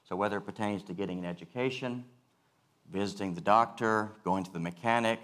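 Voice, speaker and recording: A male pastor giving a sermon, earnest and measured, repeating key phrases for weight. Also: on the low side, a bit bright.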